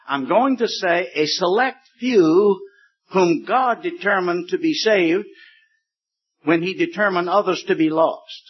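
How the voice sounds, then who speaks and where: A man preaching a sermon, slow and deliberate, stretching words for emphasis. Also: high-pitched, slightly rough. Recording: dull lo-fi recording.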